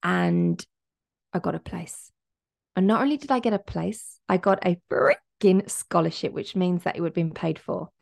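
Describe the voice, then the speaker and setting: A woman's voice: on the low side, normal speed, creaky, a little mellow. A young woman hosting a podcast, telling her personal story in a candid, emotional way and acting out the quotes. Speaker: podcast host.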